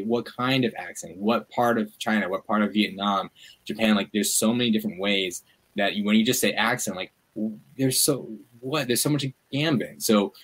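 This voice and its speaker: A man, a media activist and guest, talking in a casual interview, animated and full of "like" fillers. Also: fairly low pitch, husky, rough recording.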